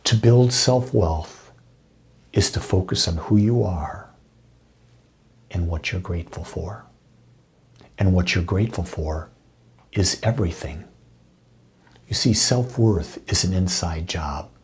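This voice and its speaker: Low, very breathy male minister. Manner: soft, intimate delivery with frequent breathy, whispered phrases; slow, deliberate affirmations. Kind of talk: spiritual talk.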